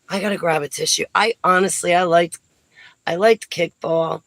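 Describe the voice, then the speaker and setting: A middle-aged woman from New Jersey, telling stories in a chatty vlog, breaking into lively exclamations and laughs. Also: mid-range voice, normal speed, no echo, rough recording. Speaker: vlogger. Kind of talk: casual storytelling chat.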